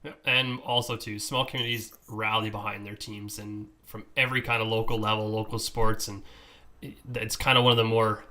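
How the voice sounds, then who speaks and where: A man's voice: lowish voice, little pitch movement, fairly quick, sharp tone. A man co-hosting a podcast in casual chat, easygoing, reading out lists with the odd stumble. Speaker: podcast co-host.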